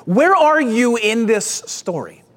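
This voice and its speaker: Brief: energetic male preacher, lively swooping delivery, rallies the church. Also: very high voice, slow pace. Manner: energetic, exclamatory, call-and-response. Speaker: pastor. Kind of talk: sermon.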